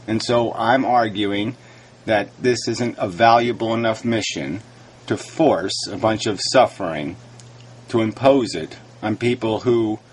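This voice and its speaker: A man's voice: on the low side, breathy edge. A man ranting into his camera, frustrated and argumentative, raising his voice and swearing as he rebuts a critic. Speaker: video blogger replying to critics. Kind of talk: argumentative video rant.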